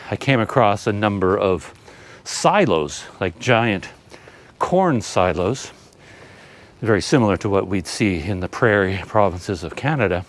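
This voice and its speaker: Breathless man, rambling and self-deprecating, low voice, hiking outdoors and filming himself. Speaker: travel vlogger. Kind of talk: casual vlog talk while hiking. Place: outdoors on a hill trail. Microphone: handheld camera.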